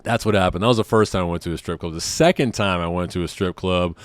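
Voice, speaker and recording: A man's voice: low voice, quick pace, dry recording, clean studio sound. A man hosting a podcast, telling a casual, self-deprecating story in a rambling way with frequent laughs. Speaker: podcast host.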